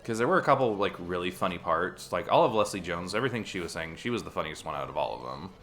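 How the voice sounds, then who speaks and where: A low-voiced man with a creaky, gravelly tone chats casually while streaming a video game. He rambles along, often restarting his sentences, while faint game music plays behind him. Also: expressive, fast, fairly bright tone. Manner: rambling, chatty, with frequent restarts.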